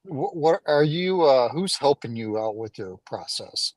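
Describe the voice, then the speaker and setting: A man's voice: mid-range voice, expressive, a little slow, a little mellow, no echo. A man hosting an interview, asking probing questions and explaining how he helps veterans file. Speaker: host.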